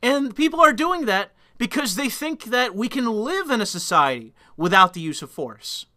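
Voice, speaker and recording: A man's voice: high voice, sing-song, moderate pace, bright, forceful tone. A man delivering a solo commentary rant in a blunt, profane, emphatic way. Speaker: political commentator.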